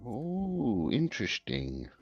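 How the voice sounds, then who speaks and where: A man co-hosting a casual live-stream podcast, briskly reading out viewer predictions. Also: mid-range voice, huge pitch swings, creaky, darkish tone, husky, dry recording, soft background music. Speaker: podcast co-host. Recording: dull, dry lo-fi sound.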